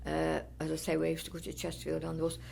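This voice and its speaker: Low-pitched, monotone and creaky, yet warm in tone, she speaks fast over a little hiss or hum. This older woman from North East Derbyshire, England, is an oral history interviewee whose reminiscences are chatty and rambling, with frequent restarts and fond asides.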